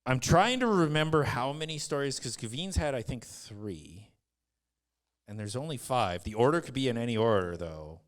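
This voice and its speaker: A man's voice: mid-range voice, lively intonation, normal speed. A man, a comedian on a panel show, chatting and joking casually.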